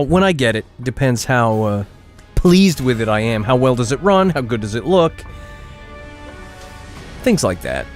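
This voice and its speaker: Rambly guy streaming a game, voice bounces up and down a lot, faint game music behind. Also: medium pitch. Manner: chatty, rambling, restarts sentences. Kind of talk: casual gameplay commentary.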